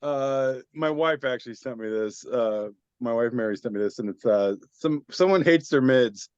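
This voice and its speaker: A man hosting a podcast, reading memes in casual chat with laid-back, swearing, deadpan asides. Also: mid-range voice, moderate pace, smooth, dry recording. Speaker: podcast host. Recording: muffled lo-fi podcast audio.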